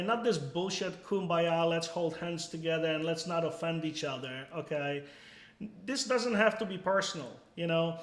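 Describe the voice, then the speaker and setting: A man's voice: on the high side, fairly bright tone, reverberant. A man hosting a casual live stream, answering viewers bluntly and emphatically, dropping "okay?" after his points and swearing freely.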